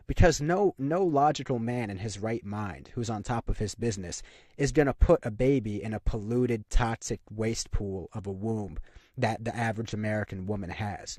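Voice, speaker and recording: A man's voice: medium pitch, a little mellow, no room sound, studio quality. A young man delivering an opinionated monologue to camera, ranting emphatically and repeating his points with frequent fillers. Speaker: commentary channel host.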